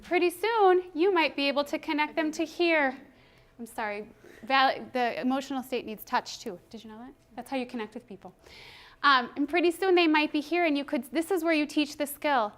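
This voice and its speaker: A woman giving a training presentation to a roomful of people, animated and acting out quotes from children and teachers. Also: high voice, brisk.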